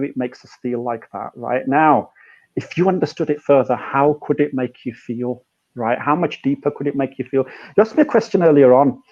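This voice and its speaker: Animated British man, dull call audio. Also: on the high side. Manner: animated storyteller, mixes in Punjabi phrases, says "right?" and "you know" often. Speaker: guest musician and academic. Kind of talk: casual explanatory chat.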